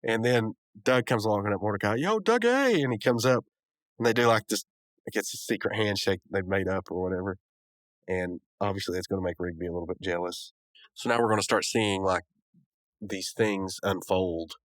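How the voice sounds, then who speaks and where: A man's voice: on the low side, a bit bright, no room sound. A man hosting a podcast, casually recapping a cartoon episode with rambling asides and chuckles. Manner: rambling, chuckling, lots of fillers. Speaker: podcast host.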